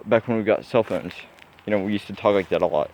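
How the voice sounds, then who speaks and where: A man's voice: lowish voice, fast, a little mellow, a little hiss or hum. A young man musing aloud in a casual vlog, rambling with many fillers and restarts. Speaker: vlogger. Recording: dull lo-fi sound.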